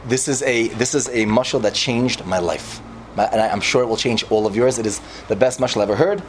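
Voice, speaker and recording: Man, mid-pitch, animated parable-teller giving an informal sermon, faint background hiss. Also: fairly quick, poor audio. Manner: animated storytelling, mixing in Hebrew and Yiddish words. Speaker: yeshiva speaker.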